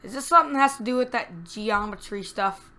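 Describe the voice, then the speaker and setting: A woman does casual let's-play commentary from her home setup, speaking at a fairly quick clip in a medium-pitched voice. Excitable, she talks right to the game and breaks into sudden squeals and groans.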